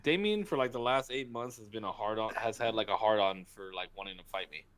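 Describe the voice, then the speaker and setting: A man's voice: lowish voice, fairly quick, a bit bright. A man co-hosting a podcast in casual chat, telling stories emphatically and swearing freely. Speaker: podcast co-host.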